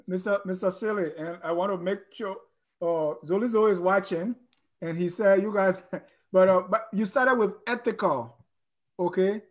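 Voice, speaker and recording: A male host with a rather high voice asks his guest questions on a political talk show. He hesitates and fills pauses as he goes. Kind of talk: interview questions.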